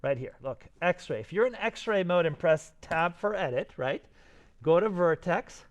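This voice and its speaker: A man teaching his students a software lesson while recording his screen, narrating each click with enthusiasm and asides. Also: sits high, expressive, measured pace.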